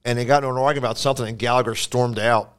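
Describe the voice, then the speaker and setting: Man, podcast host, comedian, animated storytelling, smooth clear voice, casual chat. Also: medium pitch, very fast. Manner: animated storyteller, laughs while telling.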